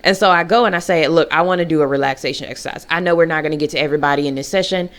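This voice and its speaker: A young woman vlogging, telling a personal story in a casual, animated way and jumping into high, mocking voices. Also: racing.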